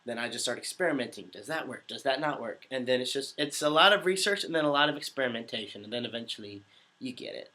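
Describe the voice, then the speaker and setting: A man's voice: medium pitch, animated, quick pace, pushed and bright. A man in his twenties, a voice actor, rambling through a casual Q&A with giggles and self-deprecating jokes, his voice a little under the weather. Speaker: voice actor hosting a Q&A. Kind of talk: casual livestream Q&A.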